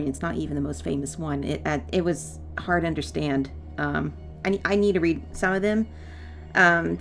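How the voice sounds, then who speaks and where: A woman talks through a video game in a relaxed, rambling way, drifting into tangents and saying sorry for them. Her voice sits a little low for a woman. Soft game music plays faintly underneath. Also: gravelly. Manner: chatty, rambling with asides and apologies. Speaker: let's play gamer. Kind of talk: casual gameplay commentary.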